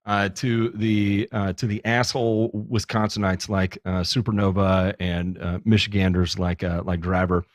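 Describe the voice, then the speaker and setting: Lower-voiced dude hosting a podcast, ribbing his guests, cussing casually. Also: little pitch movement, normal speed, few pauses, no room sound, clean studio sound. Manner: joking, teasing, swears freely. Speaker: podcast host. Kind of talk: casual chat.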